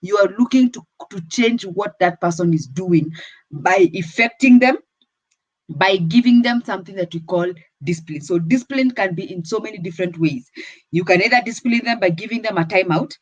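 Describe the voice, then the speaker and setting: A woman's voice: mid-range voice, a little fast, no room sound, poor audio. A woman with a Kenyan accent giving firm parenting advice on a talk show. She switches between English and Swahili.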